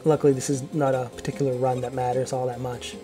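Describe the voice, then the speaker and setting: A man's voice: mid-range voice, flat delivery, fast talker, over music. A young man giving casual gameplay commentary, rambling and profane, full of fillers and restarts. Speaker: let's play commentator.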